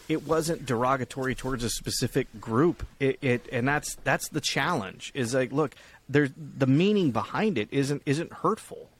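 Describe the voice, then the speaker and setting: A young man co-hosting a podcast in casual chat, rambling with restarts and swearing freely. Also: medium pitch. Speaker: podcast co-host.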